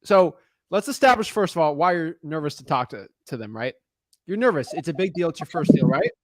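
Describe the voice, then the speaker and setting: A man's voice: on the high side, sing-song, fairly quick, dry recording. Upbeat coaching man, dry close sound. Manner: direct, encouraging, keeps checking in with "right?". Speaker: real estate coach. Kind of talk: live call-in coaching.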